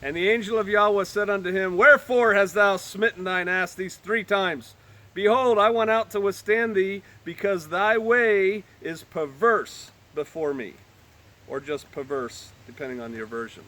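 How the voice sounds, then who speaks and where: A high-pitched man with a bright, sharp voice reads old scripture aloud. He keeps stopping to add joking, offhand comments in plain modern speech, like a Bible teacher talking to a small group. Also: moderate pace. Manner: reads old-fashioned scripture, then breaks in with joking everyday asides. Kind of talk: scripture reading with casual commentary.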